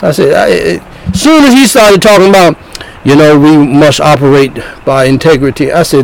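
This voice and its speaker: A man preaching a sermon in an emphatic, animated way, often repeating himself. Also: fairly high pitch, moderate pace, gravelly, low-quality recording.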